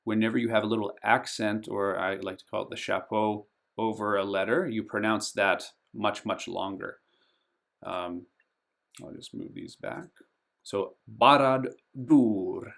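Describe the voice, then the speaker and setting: A board game channel host walks through how to pronounce names on a game map, speaking slowly and deliberately, stretching out and stressing each name, and filling gaps with lots of ums. His lowish, creaky voice has a fairly bright tone and lively intonation.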